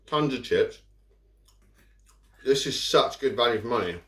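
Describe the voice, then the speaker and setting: A man's voice: mid-range voice, animated, a little slow, a bit bright, a little hiss or hum. A man chatting casually while eating in a food vlog, rambling with his mouth full. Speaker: food vlogger. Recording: echoey room. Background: cutlery and dishes.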